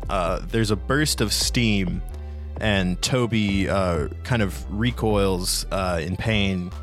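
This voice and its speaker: A man's voice: low-pitched, slow, soft background music. A man narrating as game master in a casual way with frequent fillers.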